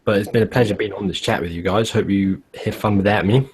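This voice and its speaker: A man's voice: lowish voice, fast, a little mellow, breathy edge. A man on a live video chat with friends, joking and taking his leave in a playful way. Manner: joking, says goodbye in a playful tone. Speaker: guest. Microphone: home computer mic on video call. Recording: noisy webcam mic with clicks.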